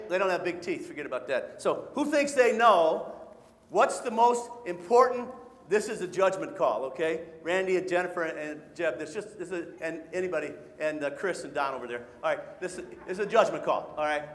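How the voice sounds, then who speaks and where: A man's voice: sits high, animated, fairly quick. A middle-aged man from Michigan giving a live nature presentation to families, playful, joking and leading the audience in call-and-response and short songs. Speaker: nature educator. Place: large hall with an audience. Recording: echoey hall.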